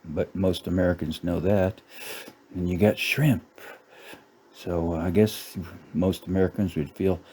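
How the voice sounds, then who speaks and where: A man's voice: deep voice, steady tone, measured pace, pauses often, warm tone, husky. A middle-aged man ranting sarcastically about a menu, cursing and laughing at his own jokes. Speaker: channel host. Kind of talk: casual ranting commentary.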